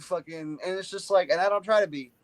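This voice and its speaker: Blunt, swearing man, fairly high voice. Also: fast, dry recording, rough recording. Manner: blunt, heavy swearing, lots of filler "like". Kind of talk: casual chat.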